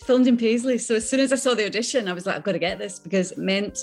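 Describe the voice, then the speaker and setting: A woman with a Scottish accent, a voice actress chatting as a guest in an interview, lively and quick to laugh. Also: mid-range voice, soft background music. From Scotland. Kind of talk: casual interview chat.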